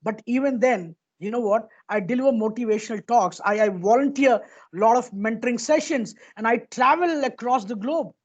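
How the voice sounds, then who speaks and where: A man's voice: extremely high pitch, normal speed, lo-fi sound. A man with an Indian accent giving an earnest motivational talk, telling a personal story and often repeating words as he goes. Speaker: motivational speaker.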